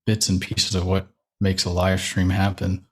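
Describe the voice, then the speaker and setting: A man's voice: low voice, monotone, normal speed, husky. A young man, a church media director, talking casually as a podcast guest, rambling with fillers and light laughs. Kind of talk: casual interview chat.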